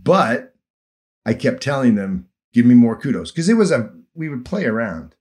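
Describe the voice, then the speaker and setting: Animated middle-aged man telling stories. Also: mid-range voice, moderate pace. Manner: animated, acts out village voices, laughs often. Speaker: former field worker telling stories. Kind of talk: casual storytelling conversation.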